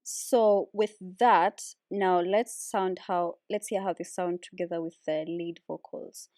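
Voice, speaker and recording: A woman casually explaining how she builds vocal harmonies, relaxed and chatty with lots of fillers. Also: on the low side, slow pace, no echo, studio quality. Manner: relaxed, with many fillers like "like" and "so, yeah". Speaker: a cappella vocalist teaching harmony. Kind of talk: casual music tutorial.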